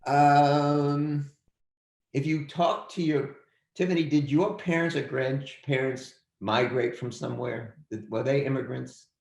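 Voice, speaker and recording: A man's voice: mid-range voice, fairly even intonation, a little slow, gravelly, darkish tone, roomy sound. A man teaching a history class over a video call, emphatic and repeating his points as he calls on students. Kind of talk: online class lecture.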